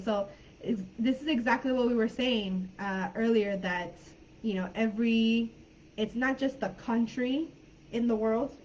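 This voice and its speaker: A woman English teacher talks through a live online lesson in a relaxed, chatty way, often stopping to restart her sentences. Her voice comes over a somewhat dull video-call line with a faint hiss behind it. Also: medium pitch. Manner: friendly, chatty, many fillers and restarts. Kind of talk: live online class, casual teaching talk.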